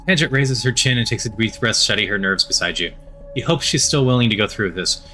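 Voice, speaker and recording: A man reading a game playthrough aloud, quick with small stumbles and joking asides. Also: lowish voice, bright, forceful tone, faint music behind. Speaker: game narrator.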